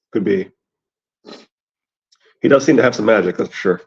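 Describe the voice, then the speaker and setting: Gravelly man reading and chatting. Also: fairly low pitch, normal speed. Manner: reads aloud, then chats about the text. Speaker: podcast host reading aloud. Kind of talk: casual book discussion and reading aloud. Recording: dull lo-fi sound.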